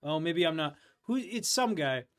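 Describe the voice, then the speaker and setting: Slightly high-voiced guy hosting a watch-along stream, rambly, chill. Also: animated. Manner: rambling, restarts, quick laughs. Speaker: stream host. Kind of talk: casual chat.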